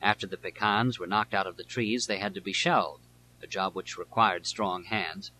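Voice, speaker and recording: A man with a lowish voice narrates a nonfiction audiobook in a measured, deliberate read. His tone is bright and pressing, with a forceful edge. A faint hum sits under the recording. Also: steady tone, low-quality recording.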